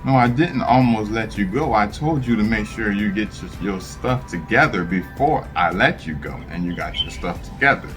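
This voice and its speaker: A man being interviewed with his wife, talking in a relaxed, teasing way. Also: fairly low pitch, moderate pace, hardly any pauses, faint music behind. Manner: laid-back, chuckling, teasing. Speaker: interviewee, husband. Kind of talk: casual couple interview.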